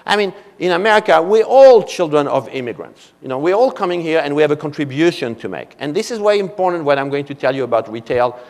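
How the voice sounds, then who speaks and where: A French-accented man in his seventies delivers a keynote in a big convention hall, and his fairly high voice rings with a long reverb. He tells personal stories in a loose, anecdotal way and keeps adding "you know" as he goes. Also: lively intonation, fast, hardly any pauses, a little mellow. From France. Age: 70s. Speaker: keynote speaker. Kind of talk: conference keynote storytelling.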